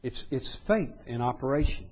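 A man preaching a sermon in an earnest way, rising to loud pleading when he voices quotes. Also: mid-range voice, expressive, normal speed, muffled recording. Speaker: pastor.

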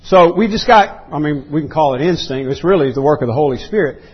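Husky-voiced man preaching a sermon. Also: on the high side, lively intonation, fast talker, muffled recording. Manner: emphatic preaching that rises into voiced outbursts; clears throat often, repeats words. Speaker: pastor. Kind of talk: expository sermon.

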